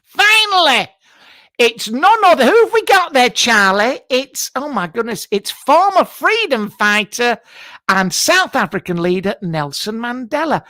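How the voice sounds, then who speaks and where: A man performs a full character voice, very high and sing-song, at a measured pace with no echo. He plays a brash, camp, middle-aged TV psychic hosting a live show from his home garage, blunt, rude and mock-mystical, shouting his greetings in a comic improvised live stream.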